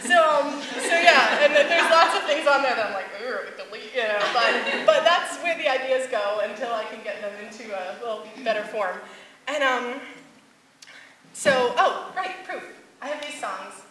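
Bright-voiced woman in an echoey hall. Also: fairly high pitch, normal speed. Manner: animated, laughs often, many fillers. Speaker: singer-songwriter giving a talk. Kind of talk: personal storytelling talk. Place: stage before a live audience, echoey hall. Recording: echoey hall with faint ambience.

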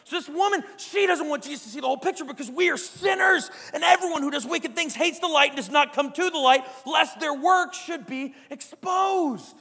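Male pastor, sermon, high bright voice, emphatic, shifts from hushed to loud. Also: fairly quick, vocal fry, few pauses, big-room sound. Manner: emphatic, keeps asking "right?"; swings between quiet reflection and loud exclamation. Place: church sanctuary.

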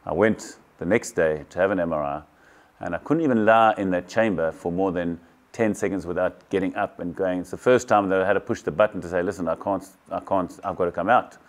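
A man's voice: low voice, a little fast. A man in his sixties from South Africa, candidly recounting a personal story to camera in a matter-of-fact way. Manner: candid, matter-of-fact, quotes others in dialogue. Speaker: kayaking champion telling his story.

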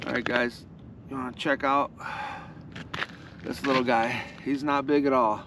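A man, excitedly talking to viewers while ice fishing on a frozen lake. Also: medium pitch, measured pace, pauses often. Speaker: fishing vlogger. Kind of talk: casual outdoor commentary. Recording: outdoor wind noise, distant mic.

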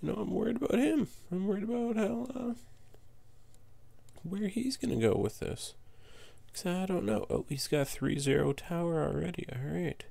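A man giving casual commentary on his own strategy match, muttering to himself and jumping to high, exasperated yelps when things go wrong. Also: moderate pace, gravelly, mellow, dry recording.

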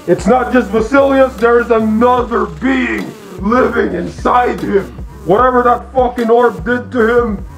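A man with a notably high voice delivers an angry, profane in-character rant for his channel. He speaks slowly in short, repeated, declamatory phrases, often halting and restarting mid-thought. Faint music plays underneath. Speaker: online channel host. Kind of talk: in-character online lore rant.

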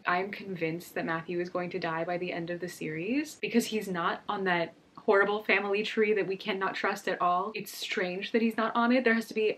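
A young woman vlogging casually about a book she is reading, excitable and emotional as she gushes and frets. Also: medium pitch, slightly rough.

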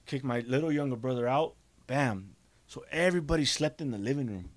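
A man's voice: mid-range voice, a little fast, no room sound. A man on a podcast candidly telling his own life story, blunt and swearing often, getting emotional as it hits him. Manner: blunt, heavy swearing, acts out quoted dialogue; emotional, voice rising when stirred. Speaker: podcast guest.

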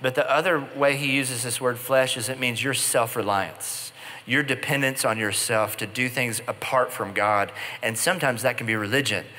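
Bright-voiced preacher in a reverberant hall. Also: male voice, medium pitch, fairly even intonation, moderate pace. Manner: conversational storytelling with playful asides. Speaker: pastor. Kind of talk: sermon.

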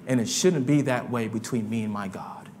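A man preaching a sermon in a church, his delivery swinging between quiet murmurs and loud shouts. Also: mid-range voice, moderate pace, long reverb tail, a little hiss or hum. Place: church sanctuary.

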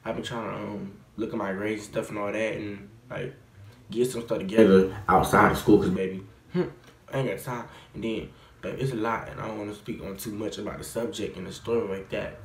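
A young man in his teens, vlogging in casual, slangy, expressive chat that rambles and stutters. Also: on the low side, brisk, gravelly, roomy sound.

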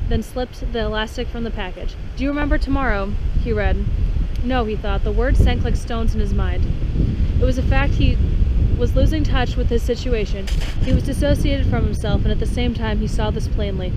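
Higher-pitched woman reading a novel aloud. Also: heavy background noise. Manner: measured, with occasional slips and restarts. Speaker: audiobook reader. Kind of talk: scripted narration.

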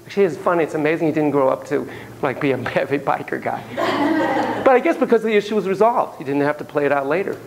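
A man lecturing a class, telling stories in an animated, playful way and acting out sound effects. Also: fairly high pitch, fast talker, vocal fry, low-quality recording.

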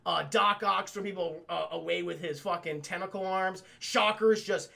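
A man's voice: high voice, normal speed, creaky, pushed and bright. A man giving a profane, rambling casual recap of a cartoon episode on a live stream, talking to his chat.

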